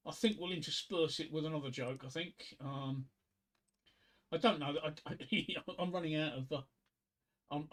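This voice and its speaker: Rambling, halting man. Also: fairly high pitch, a bit bright. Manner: rambling, halting with many fillers and restarts. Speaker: livestream host. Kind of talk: casual joke telling and poetry reading.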